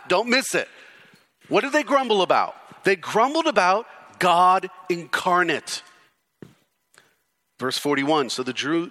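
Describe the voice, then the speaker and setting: A male pastor preaching an expository sermon, emphatic, with repeated rhetorical questions and sudden drops into low, intense delivery. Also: bright, forceful tone.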